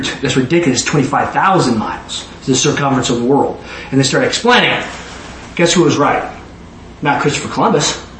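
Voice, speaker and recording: A man preaching a testimony in a rambling way, repeating words as he restarts. His voice sits high. The recording is echoey, with a faint background hiss. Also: fairly bright tone. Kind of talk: sermon testimony. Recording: echoey room with faint noise.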